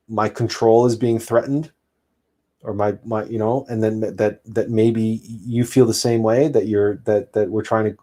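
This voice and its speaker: A man's voice: fairly low pitch, mellow. Male host, spiritual talk; earnest, emphatic, loose delivery with frequent restarts.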